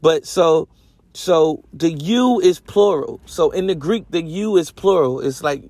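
A man's voice: fairly high pitch, lively intonation, a little slow, darkish tone, no echo. A man hosting a podcast, teaching the Bible in a casual, rambling way with lots of slang and self-corrections. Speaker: podcast host.

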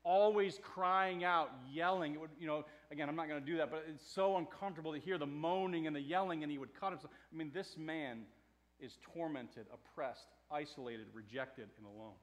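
A man preaching a sermon in a conversational way, swinging from hushed to loud. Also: on the high side, a little fast. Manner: conversational with fillers and restarts. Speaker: pastor.

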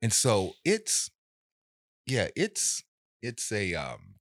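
A man in casual conversation, telling a story in an animated way and acting out the voices of people in it. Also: lowish voice, drawn-out words, dry recording, studio quality.

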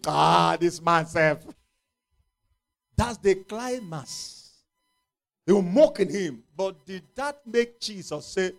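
A man delivers a sermon in a high, lively voice. His pitch swings widely as he acts out biblical scenes, shifting between hushed asides and fervent outbursts. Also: slow, vocal fry, long pauses. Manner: impassioned, dramatizing scripture with acted voices. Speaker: preacher.

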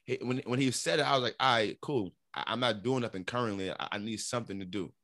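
A middle-aged man from New York telling his story in a casual interview, animated and repeating words as he acts out what others said. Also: mid-range voice, fast, no room sound. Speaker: interview guest.

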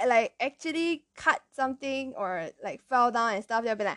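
Young Malaysian woman, casual rambling storyteller, higher voice, dry close sound. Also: lively intonation, moderate pace, hardly any pauses, fairly bright tone, no echo. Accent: Malaysian English. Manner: chatty, rambling, often laughing at herself.

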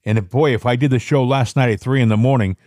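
A man's voice: mid-range voice, quick pace, darkish tone, no room sound, studio quality. A man hosting a political talk show, speaking in an indignant, rambling way. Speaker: podcast host.

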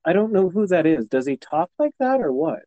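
Hesitant, rambling man with a lively voice. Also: high voice, a little fast, dry recording, muffled recording. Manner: rambling, hesitant, easily flustered. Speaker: podcast co-host. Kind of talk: casual chat.

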